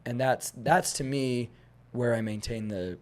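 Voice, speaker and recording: A young adult man chatting as a podcast guest at a mid pitch. He tells stories with lively energy and acts out what people said. He wanders a bit, restarting sentences as he thinks aloud. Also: a little slow. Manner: animated storyteller, acts out dialogue; rambling with frequent restarts and fillers. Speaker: guest, fitness instructor. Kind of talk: casual podcast conversation.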